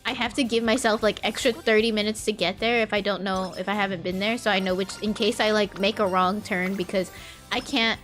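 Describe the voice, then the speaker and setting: A woman's voice: medium pitch, steady tone, fairly quick, fairly bright tone, faint music behind. A woman from California chatting casually on a livestream while playing a game, rambling in loose, filler-heavy sentences and often laughing at her own stories. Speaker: VTuber streamer.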